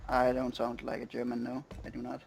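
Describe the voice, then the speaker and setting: A man's voice: medium pitch, completely flat delivery, vocal fry, background noise. A man speaking English, trading profane, mocking banter with teammates in a game voice chat. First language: Danish. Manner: swearing, mocking, quick to argue. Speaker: gamer in team voice chat. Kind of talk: casual gaming banter.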